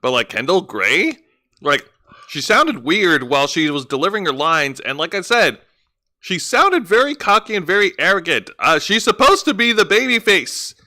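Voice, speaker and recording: Lively, bright-voiced man rambling in casual chat. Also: high-pitched, normal speed. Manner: rambling, many restarts and "like" fillers. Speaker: wrestling review co-host.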